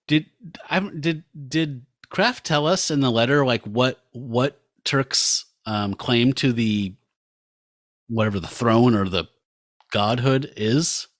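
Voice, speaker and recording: A man's voice: medium pitch, slow, dry recording. Chatty man on a dry mic. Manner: chatty, reads comic panels aloud with asides. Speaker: podcast co-host. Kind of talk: casual comic-book discussion.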